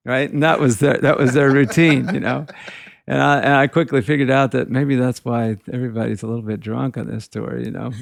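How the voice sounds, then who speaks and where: A man's voice: mid-range voice, fairly even intonation, fairly quick, creaky, dry recording, clean studio sound. A middle-aged man, a guitarist, casually telling rambling backstage stories and leaning on "you know" throughout. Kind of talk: casual storytelling.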